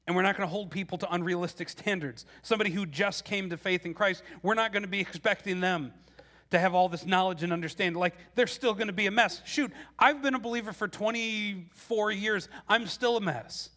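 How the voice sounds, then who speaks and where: A man's voice: sits high, fairly quick, pushed and bright. A man in his forties preaching a sermon as pastor, speaking conversationally with frequent "like" and repeated starts.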